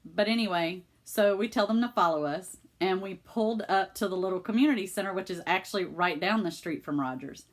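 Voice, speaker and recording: A woman's voice: mid-range voice, a little fast, few pauses. A middle-aged woman with a Southern US accent, chatting casually and with feeling in her cross-stitch vlog at home. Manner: chatty and emotional, with many fillers. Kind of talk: casual chat.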